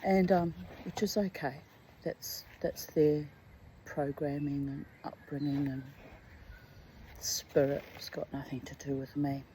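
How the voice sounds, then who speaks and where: A woman's voice: deep voice, flat delivery, slow, mellow, a little hiss or hum, low-quality recording. A middle-aged woman talking candidly and emotionally in a rambling personal monologue, dropping to a whisper on some asides. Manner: candid, emotional and chatty, drifting between topics. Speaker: vlogger.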